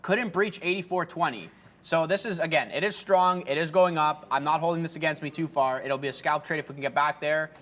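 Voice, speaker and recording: A man's voice: a little high, fairly quick, fairly bright tone. A man co-hosting a live day-trading stream in a studio, giving loose market commentary full of fillers. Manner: rambling, trails off with fillers. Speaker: day trader co-host.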